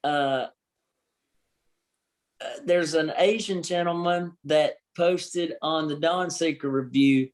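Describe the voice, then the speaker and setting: Southern guy from georgia chatting on a podcast, kinda high voice, blunt and lively. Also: slow pace, long pauses. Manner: candid, animated storyteller. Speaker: actor, podcast guest. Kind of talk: casual podcast interview.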